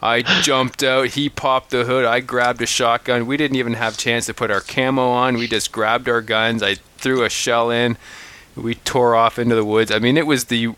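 Co-host, male, bright and clear, dry close mic, energetic storyteller. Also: mid-range voice, normal speed. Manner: animated, restarts often, acts out calls. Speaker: podcast co-host. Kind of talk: casual storytelling chat.

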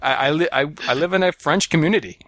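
A man's voice: fairly high pitch, fast, a bit bright, no room sound. A man from Canada co-hosting a casual podcast, reading listener emails with self-mocking jokes, many fillers and restarts. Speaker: podcast co-host.

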